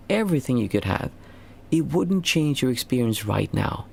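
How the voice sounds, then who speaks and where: A man as a meditation teacher answering questions in casual talk, earnest and rambling, restarting phrases and jumping high to stress a point. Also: very animated, moderate pace, creaky, darkish tone, breathy edge.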